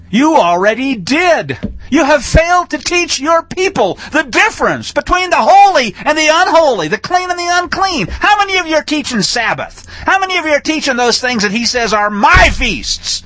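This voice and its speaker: Husky guy ranting like a preacher, bright tense voice, goes from muttering to yelling. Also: big pitch swings, normal speed. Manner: sarcastic, sweeping from low mutters to loud outbursts. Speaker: host of a religious commentary show. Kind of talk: fervent preaching commentary.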